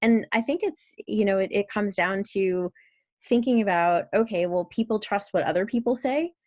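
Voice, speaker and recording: A woman's voice: mid-range voice, normal speed, a little mellow, no echo. A woman guest talking through marketing ideas in a thoughtful, conversational way, laughing easily. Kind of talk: casual conversation.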